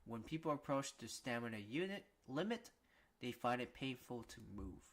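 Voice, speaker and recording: A man's voice: medium pitch, very animated, moderate pace, fairly bright tone. Give me a gloating, mocking male demon, read aloud by a man.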